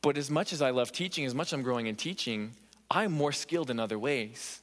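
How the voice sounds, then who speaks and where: A man's voice: medium pitch, lively intonation, a little fast, fairly bright tone. A man preaching a sermon in a church, earnest and emphatic, repeating phrases for stress. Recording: echoey church hall reverb.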